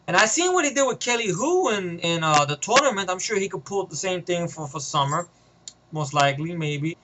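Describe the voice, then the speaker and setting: एक आदमी अपनी फ़िल्म की कहानी बिखरे, बेलौस, गालियों भरे अंदाज़ में सुनाता है, बीच-बीच में "उह", "लाइक" जैसे भराव शब्दों के साथ।. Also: male voice, sits high, pushed and bright, slight background noise, poor audio. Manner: rambling, profane, filler-heavy. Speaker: vlogger. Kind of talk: casual retelling of a movie idea.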